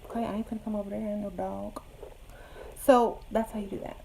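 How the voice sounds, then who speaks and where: A woman's voice: mid-range voice, little pitch movement, fast talker, vocal fry, dark tone, a little hiss or hum, low-quality recording. A woman casually giving blunt, sassy dating advice to viewers, with joking asides. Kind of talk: casual advice chat answering viewer questions.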